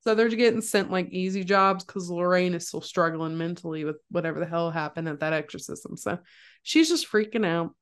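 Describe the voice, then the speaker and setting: A young woman co-hosting a podcast casually recounts a horror movie scene by scene, speaking a little fast in a clear, resonant tone. She's an animated storyteller who acts out the quotes with sudden jumps in pitch.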